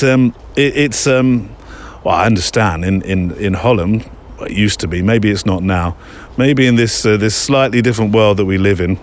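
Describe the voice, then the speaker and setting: A middle-aged man hosting a photography podcast in a casual, rambling, self-deprecating way, with many fillers. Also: lowish voice. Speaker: podcast host. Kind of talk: casual chat.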